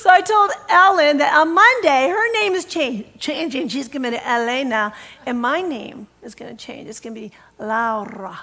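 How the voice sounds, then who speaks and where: Woman minister, high voice, middle-aged, animated storytelling sermon with laughter. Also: moderate pace, a little hiss or hum. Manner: animated, laughing, acts out dialogue.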